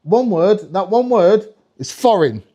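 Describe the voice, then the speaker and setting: High-voiced rambling stand-up comedian. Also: male voice, expressive, measured pace, mellow, highs cut off. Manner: rambling, swearing, crowd-addressing. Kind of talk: live stand-up routine. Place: comedy club stage.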